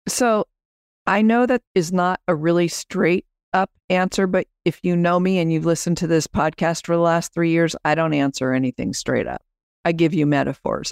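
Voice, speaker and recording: A woman's voice: deep voice, clean tone, no room sound, studio quality. A woman podcast host and business coach, chatting as she explains her program and guides listeners through an exercise.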